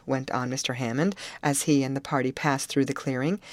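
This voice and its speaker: A woman narrating a novel as an audiobook in a measured storytelling manner. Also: very deep voice, fairly even intonation, no room sound.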